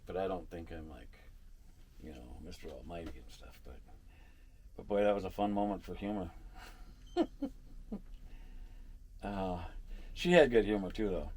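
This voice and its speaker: A man's voice: low voice, animated, a little slow, pauses often, darkish tone, slightly rough. A man vlogging in a casual, rambling monologue, telling a story and chuckling often at his own jokes. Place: parking lot.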